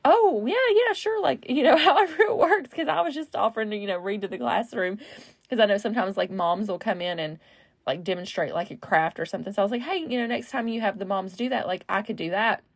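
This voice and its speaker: A woman hosts her own podcast alone, rambling casually with lots of fillers and self-corrections. She talks fast in a mid-range voice with vocal fry, and there's no room sound.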